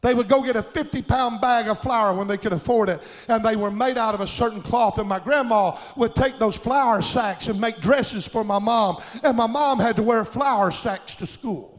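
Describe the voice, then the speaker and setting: A man's voice: extremely high pitch, normal speed, hardly any pauses, big-room sound. An older man preaching a sermon in a church sanctuary, with impassioned, folksy delivery and plain country grammar.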